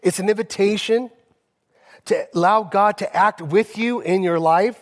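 A male pastor delivering a sermon, telling personal stories with emphasis and slowing down on key phrases. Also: high-pitched. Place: church sanctuary. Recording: long reverb of a church hall.

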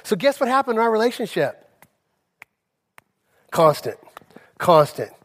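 A man's voice: high voice, very animated. Man preaching in a reverberant hall. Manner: personal storytelling, emphatic, slows down on key phrases. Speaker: pastor. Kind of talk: sermon. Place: church sanctuary. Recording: long reverb of a church hall.

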